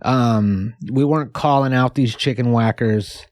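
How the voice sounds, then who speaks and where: A man co-hosting a comedy podcast, joking in a deadpan, rambling way. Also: medium pitch, a little slow, dry recording. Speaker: podcast co-host. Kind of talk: casual comedy chat.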